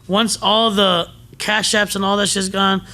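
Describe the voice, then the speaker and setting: A man's voice: high-pitched, little pitch movement, a little slow, pushed and bright. A man, a podcast guest, bantering loosely in profane slang. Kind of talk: casual podcast chat.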